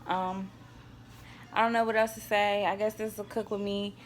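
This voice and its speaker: A woman's voice: medium pitch, little pitch movement, moderate pace, slight background noise. A young woman chatting to viewers in a casual home cooking vlog, sighing now and then and fighting back tears, recorded on a camera on a tripod in her kitchen. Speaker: vlogger.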